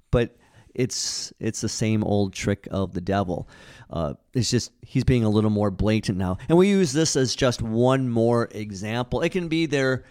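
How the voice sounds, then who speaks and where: A man's voice: on the low side, lively intonation, a little slow, a little mellow, smooth. A man co-hosting a casual Bible study discussion, talking in an earnest, conversational way with frequent restarts.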